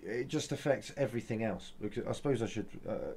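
A man's voice: on the low side, fairly quick, darkish tone, breathy edge. A young man chatting casually in a vlog, rambling and grumbling, with lots of fillers, restarts and mild swearing. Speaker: vlogger.

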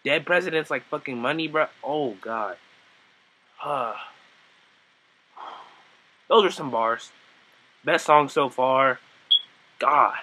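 Bright, excitable man reacting to music. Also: medium pitch, slow pace, pauses often, rough recording. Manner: excitable, slangy, swears. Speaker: music reviewer. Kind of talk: casual reaction commentary. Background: music playing.

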